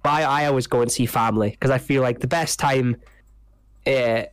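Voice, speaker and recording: A man co-hosting a podcast with a nasal sound from a blocked nose, talking in a relaxed, even-handed way. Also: medium pitch, normal speed, smooth, no room sound. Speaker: podcast co-host. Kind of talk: casual chat.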